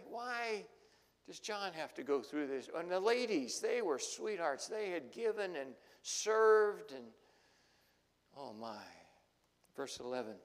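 A male pastor preaching a sermon, telling the story dramatically and swinging between loud and hushed. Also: sits high, animated, a little slow. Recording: long hall reverb.

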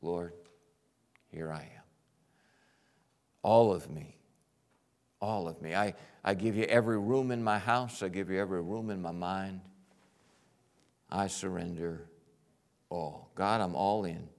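A male pastor preaching a sermon, animated, swinging from quiet, intimate lines to loud, excited bursts. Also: sits low, measured pace, vocal fry, pauses often.

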